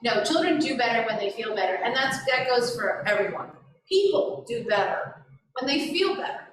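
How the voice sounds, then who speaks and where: A woman educator leading a parent seminar, animated and playing out child and parent voices as she talks. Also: fairly high pitch, moderate pace, a crowd in the background. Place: school room with an audience. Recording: echoey room, far from the mic, audience present.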